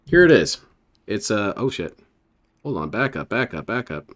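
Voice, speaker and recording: A man's voice: lowish voice, very animated, normal speed, a bit bright. A male host reacting to a stream clip, teasing and sarcastic as he talks over it. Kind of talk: mocking commentary over a clip.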